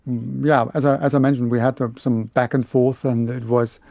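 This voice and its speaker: A man from Germany with a Bavarian German accent, chatting casually as a podcast co-host, halting and restarting often. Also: mid-range voice, level tone, creaky, warm tone, no room sound, clean studio sound. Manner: halting, many restarts and repeated words. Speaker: podcast co-host and audiobook narrator. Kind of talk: casual chat.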